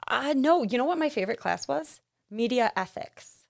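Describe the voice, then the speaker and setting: A woman's voice: on the high side, vocal fry. A woman in her twenties co-hosting a podcast, chatting casually and laughing often. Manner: giggly, animated, quick to laugh. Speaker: podcast co-host. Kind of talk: casual chat.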